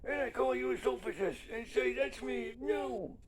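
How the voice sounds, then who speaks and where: A man with a very high voice talks alone in a broken, stop-start monologue. He keeps cutting himself off with short interjections, at times shouting and at times dropping to a quiet, flat tone. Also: moderate pace. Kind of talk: solo spoken monologue.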